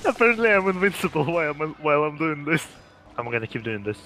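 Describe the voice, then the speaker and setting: A young-sounding man playing a video game with a friend, his voice a little high and very lively. He teases, swears freely and breaks into laughter between lines. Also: fairly quick. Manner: teasing, laughs often, swears. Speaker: game player. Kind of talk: casual gaming chat.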